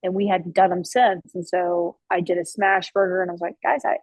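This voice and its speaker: Fairly quick and with little pitch movement, a woman whose voice is on the low side tells chatty stories in a casual interview at her barbecue restaurant, which she owns and cooks for. She restarts often, uses fillers, and swears casually at times. The recording is dry and the audio poor.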